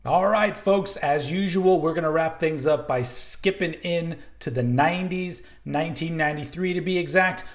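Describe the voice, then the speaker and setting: Profane, rambling heavy metal show host. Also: male voice, fairly high pitch, normal speed, hardly any pauses. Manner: loose, profane and self-mocking, with frequent fillers. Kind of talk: casual rambling commentary.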